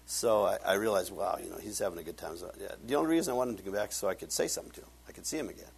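A man preaching a sermon, reading scripture with loud emphatic rises and dropping to quiet asides for personal stories. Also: low voice, very fast, gravelly, slightly rough. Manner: tells personal stories with laughter. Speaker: pastor.

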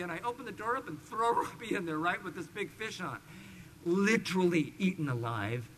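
A middle-aged pastor with a fairly high voice for a man preaches to his congregation. He is animated, pushing some points out loud and dropping others to a near-murmur. A faint hiss sits under his voice. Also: a little fast, low-quality recording. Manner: animated storyteller, swings between loud emphasis and hushed asides. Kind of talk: expository sermon with personal stories.

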